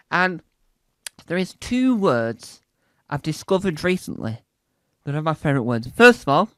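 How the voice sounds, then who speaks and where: A man's voice: fairly high pitch, very animated, unhurried, long pauses, a bit bright, dry recording. A man with a Northern English accent performing a playful comedy routine, repeating words and singing silly phrases. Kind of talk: audio comedy special.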